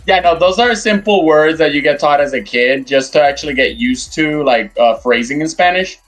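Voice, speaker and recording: A man from Puerto Rico, a stream guest, explaining things in a relaxed, easygoing way. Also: fairly high pitch, moderate pace, soft background music, rough recording.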